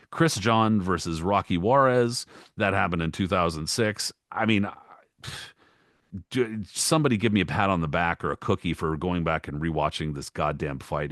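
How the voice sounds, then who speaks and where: Podcast co-host, a man with a deep voice, cursing and exasperated, dry close sound. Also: no room sound. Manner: profane, exasperated ranting; rapid listing with mock-quoted voices. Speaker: podcast co-host, boxing historian. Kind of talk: casual podcast rant.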